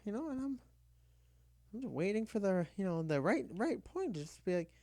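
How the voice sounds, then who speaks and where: A woman telling a comic personal story in casual chat, animated and filling every pause with "you know", acting out her own lines. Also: medium pitch, no room sound, studio quality.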